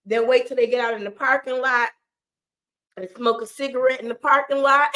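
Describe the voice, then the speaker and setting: A woman hosting a casual live reaction show, animated and often breaking into laughter as she talks to viewers. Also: high-pitched, fairly quick, low-quality recording. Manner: talks straight to her viewers and co-hosts by name. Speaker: live commentary host.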